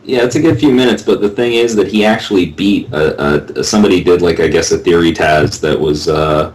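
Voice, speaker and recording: A man with a very low voice joins a live chat show as a guest over a home microphone. He talks in a halting, playful way and often repeats words as he gets going. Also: a little mellow, low-quality recording.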